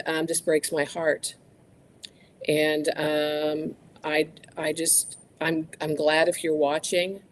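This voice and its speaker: Choked-up speaker on the verge of tears. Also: medium pitch. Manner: halting and heartfelt, many ums and restarts. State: near tears.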